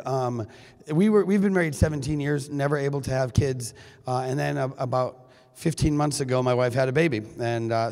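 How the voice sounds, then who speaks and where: Hoarse man in his 40s, keynote speaker, chatty and joking with lots of ums; stage mic, long hall reverb. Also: a little high. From Duluth, Minnesota, USA. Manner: joking, chatty, with frequent fillers. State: hoarse, recovering from lost voice. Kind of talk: humorous keynote talk. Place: large high school hall.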